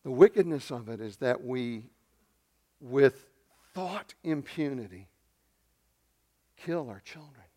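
A man preaching a sermon with passion, swinging from loud cries to hushed, low lines. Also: expressive, takes it slowly, long pauses. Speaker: pastor.

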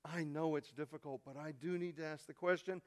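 A male pastor preaching a sermon, telling a story and swinging from quiet, intimate asides to loud, shouted peaks. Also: fairly high pitch, fairly even intonation, a little fast.

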